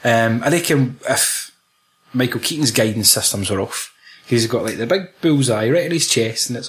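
A young Scottish man talking casually about a film, his voice sitting at an ordinary middle pitch. He laughs often and acts out bits of dialogue from scenes as he goes. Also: normal speed.

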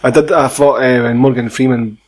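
Husky Scottish man, blunt chat. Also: medium pitch, steady tone, brisk. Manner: blunt, swears casually. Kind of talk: casual film chat.

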